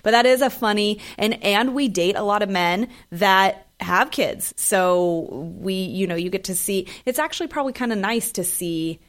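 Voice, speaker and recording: A woman's voice: mid-range voice, moderate pace, hardly any pauses. A woman co-hosting a podcast, chatting in an enthusiastic, talkative way. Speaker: podcast co-host. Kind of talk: casual chat.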